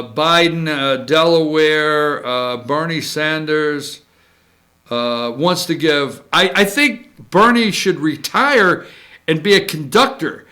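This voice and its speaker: A man's voice: a little high, sharp tone. A man hosting a political talk show, joking and sarcastic as he rambles through the news. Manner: joking, sarcastic, rambling, jumps between mock impressions. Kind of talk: casual opinion commentary.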